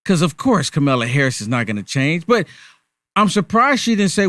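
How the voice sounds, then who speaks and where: A man's voice: a little high, sing-song, brisk, a bit bright, no echo, clean studio sound. A male host giving sarcastic political commentary, firing off rhetorical questions.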